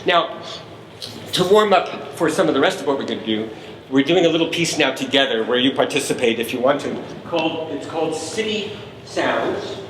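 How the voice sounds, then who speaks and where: Playful New composer in a hall. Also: male voice, on the high side, animated, normal speed, a bit bright, slight background noise. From New York. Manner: chatty, playful, coaxing the audience to join in. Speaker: composer leading a family concert. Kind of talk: explaining music to a family audience. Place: concert hall stage. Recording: echoey concert hall, from a distance. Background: piano and string music.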